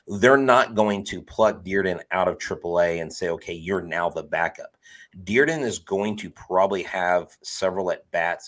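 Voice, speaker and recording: A man's voice: low voice, a bit bright. A man, a guest on a sports podcast, chatting casually and earnestly, often repeating words as he thinks.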